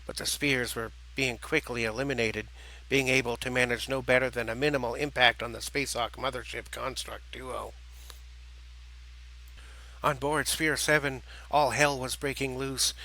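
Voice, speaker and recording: A man narrating an audiobook in a measured, dramatic reading style. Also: medium pitch, bright, forceful tone, rough recording.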